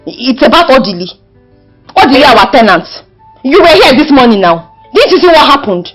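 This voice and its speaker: A high-voiced woman performs in a family drama, her pitch leaping all over as she pleads and scolds with feeling. Faint music sits under her voice. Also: very animated, a little fast, poor audio. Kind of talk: Nigerian village skit acting.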